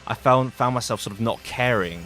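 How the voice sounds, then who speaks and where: A man's voice: medium pitch, brisk, a bit bright. A young man giving a radio film review, rambling with lots of fillers and restarts. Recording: radio studio with faint music.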